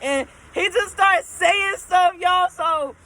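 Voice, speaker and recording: A woman telling a casual storytime, animated and emphatic, often checking in with her listeners. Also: very high-pitched, slow, rough recording.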